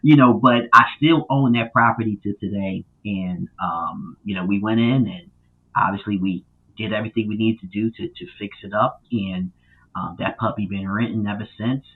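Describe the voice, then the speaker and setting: A man who is a guest on a podcast, telling his story in a casual, animated way with many fillers and loud acted-out quotes. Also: fairly low pitch, normal speed, husky. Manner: animated, lots of fillers, acts out quotes loudly. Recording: tinny phone-like line.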